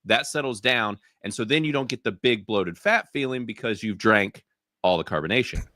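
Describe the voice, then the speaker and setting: Lively bright-voiced man chatting. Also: fairly low pitch, moderate pace, dry recording, clean studio sound. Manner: lively, explains with "listen" and "you know". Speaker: podcast guest. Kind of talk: casual podcast chat.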